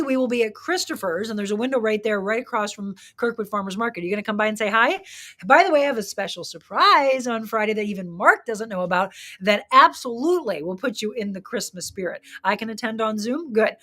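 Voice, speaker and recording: A woman's voice: on the high side, fairly bright tone. A woman hosting a solo live talk show, upbeat and chatty, speaking straight to her viewers and often restarting and correcting herself mid-sentence.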